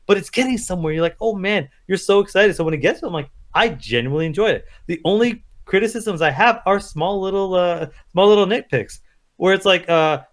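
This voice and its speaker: A man co-hosting a casual movie review chat, excitable and profane, acting out his own reactions as he talks. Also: sits high. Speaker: podcast co-host.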